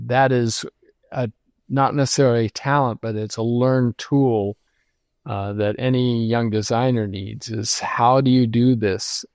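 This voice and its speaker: A man in his seventies, a guest in an interview, telling stories from his career in a reflective, unhurried way with many pauses and restarts. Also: medium pitch, gravelly, a little mellow, no echo. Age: 70s. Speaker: lighting designer guest. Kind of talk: conversational interview storytelling.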